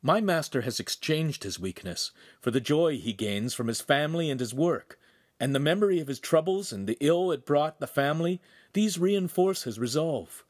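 An earnest, quick-witted young man, as a male reader puts him on for an audiobook. He talks with eager, pleading conviction, pitched a touch above the narration. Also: lively intonation. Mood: resolute. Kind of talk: audiobook character voice.

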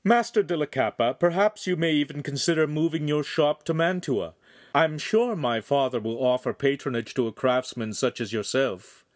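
A man playing a haughty young nobleman, raised pitch. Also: moderate pace, natural voice. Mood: smoothly haughty. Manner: imperious, raises his voice. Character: arrogant young male noble, haughty and threatening.

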